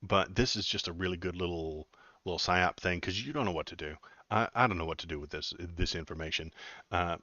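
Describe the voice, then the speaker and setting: A man's voice: sits low, a little fast, sharp tone, no room sound, highs cut off. A man giving casual, sarcastic political commentary on a livestream, rambling with lots of fillers and asides.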